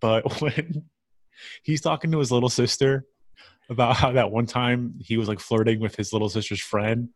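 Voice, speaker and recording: A man's voice: mid-range voice, steady tone, moderate pace. Giggly man hosting a chat. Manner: laughs often, fillers and restarts. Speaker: podcast host. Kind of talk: casual chat.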